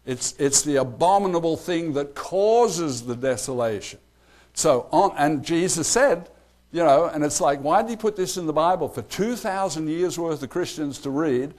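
A man leading a casual Bible study, chatty and animated, laughing often and acting out quoted lines. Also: a little high, normal speed.

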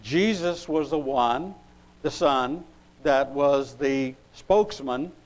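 A man preaching a sermon, reading scripture aloud and pausing as he looks up verses. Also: medium pitch, rough recording. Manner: unhurried, pausing while looking up verses.

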